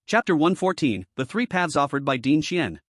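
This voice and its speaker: A man narrating an audiobook in a steady storytelling manner. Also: fairly high pitch, normal speed, no room sound, studio quality.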